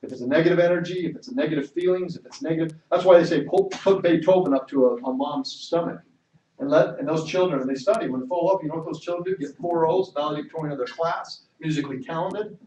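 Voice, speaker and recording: A man's voice: a little high, quick pace, a little mellow, dull audio. A middle-aged man giving an emphatic motivational sales talk to a room of people, telling stories with frequent restarts. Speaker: network marketing speaker. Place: meeting room. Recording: echoey hall from far off.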